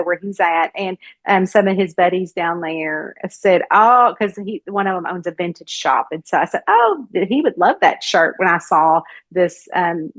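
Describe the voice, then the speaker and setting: A woman's voice: on the low side, no echo. A woman with a Southern American accent, a guest author in a casual interview, telling stories and acting out the voices of people she quotes. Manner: lively storyteller who acts out quoted voices.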